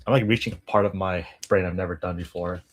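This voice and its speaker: A man's voice: sits low, fairly even intonation, fast, slight background noise. Young man stumbling through tongue twisters. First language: English. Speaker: language-learning streamer. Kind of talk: casual live-stream chat.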